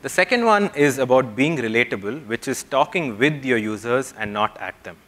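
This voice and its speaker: A young man giving a conference talk, explaining patiently and often checking in with the audience with a quick "yeah?". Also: medium pitch, animated, fairly bright tone. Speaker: conference speaker. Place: conference hall.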